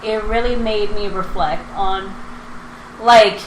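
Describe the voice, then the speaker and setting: A woman in her twenties chatting casually and telling a story, animated, with lots of fillers and acted-out quotes. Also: mid-range voice, slow pace. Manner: animated, filler-heavy, acts out quotes with laughter. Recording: roomy with background noise.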